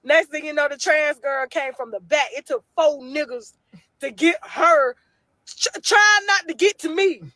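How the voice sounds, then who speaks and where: A woman telling a story in a loud, profane, laughing way, acting out what others said. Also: high voice, unhurried, no echo. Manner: loud, profane, laughing often, acts out quotes. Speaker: reunion show host recounting a fight. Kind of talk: casual storytelling.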